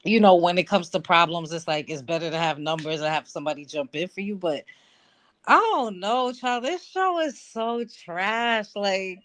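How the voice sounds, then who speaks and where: Blunt, animated woman calling in. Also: lowish voice, moderate pace. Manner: blunt, animated, swears freely. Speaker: guest caller. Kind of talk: casual chat.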